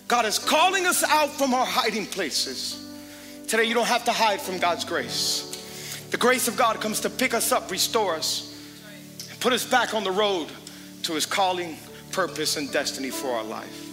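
A middle-aged man preaching a sermon as pastor, emphatic and energetic, calling out to the congregation. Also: very high-pitched, moderate pace, a crowd in the background. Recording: long hall reverb with music underneath.

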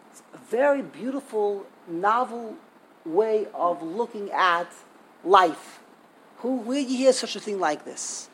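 A man's voice: high voice, expressive, measured pace, fairly bright tone, slight background noise, rough recording. An older man giving an informal Torah class, emphatic and indignant, repeating himself for stress. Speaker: Torah teacher.

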